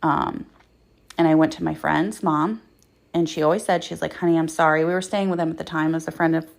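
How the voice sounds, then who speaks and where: Low, gravelly-voiced woman telling her story. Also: steady tone, a little fast. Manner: raw and blunt, heavy swearing, many fillers. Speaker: podcast host telling her life story. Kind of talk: candid personal storytelling.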